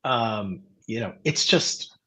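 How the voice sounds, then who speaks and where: A man with a husky voice, rambling with many restarts in a casual live-stream chat. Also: fairly low pitch, expressive, takes it slowly, fairly bright tone. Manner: rambling, full of restarts and fillers.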